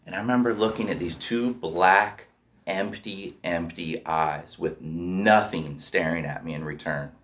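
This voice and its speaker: A man's voice: low-pitched, unhurried, a bit bright. A man telling his recovery story in a candid, profane way, often checking in with "right?". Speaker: speaker sharing a recovery story. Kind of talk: personal storytelling.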